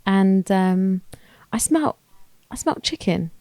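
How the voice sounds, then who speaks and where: A woman's voice: medium pitch, lively intonation, slow, mellow, no room sound. A young woman, co-hosting a casual podcast and telling a story in slangy chat, acting out what she said at the time. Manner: chatty storyteller, slangy, acts out her own past lines. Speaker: podcast co-host.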